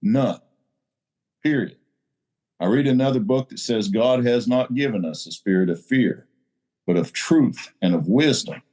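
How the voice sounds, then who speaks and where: A man's voice: mid-range voice, a little slow, pauses often, warm tone. A man giving a blunt, salty talk at a recovery group meeting, leaning into his points like a preacher.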